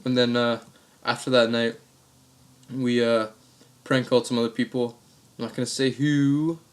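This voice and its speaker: A young man tells stories from his life to the camera in a loose, rambling way with plenty of crude slang. His voice sits at a middling pitch for a man. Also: flat delivery, moderate pace. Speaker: vlogger. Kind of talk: casual comic storytelling.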